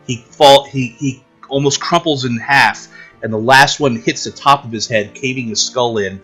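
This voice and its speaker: A man's voice: medium pitch, normal speed, pushed and bright, husky, faint music behind. A man running a tabletop game as game master, narrating combat in gory detail and often laughing.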